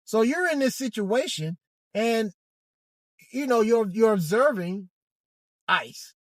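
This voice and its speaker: Halting man talking in a car. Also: high-pitched, expressive, no echo. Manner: hesitant, halting, many restarts and fillers. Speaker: vlogger. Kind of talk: casual commentary monologue.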